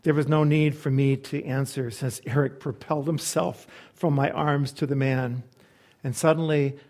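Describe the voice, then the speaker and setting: A male pastor delivering a sermon in a mid-pitched voice. He tells a story at an unhurried, earnest pace and lets his voice drop soft and quiet when he reflects. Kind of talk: sermon with a read-aloud story.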